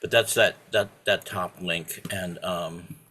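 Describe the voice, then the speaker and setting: A man on a video call, talking at length in a halting way with many restarts. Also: low voice, fairly even intonation, sharp tone. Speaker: participant. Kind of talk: casual video call chat.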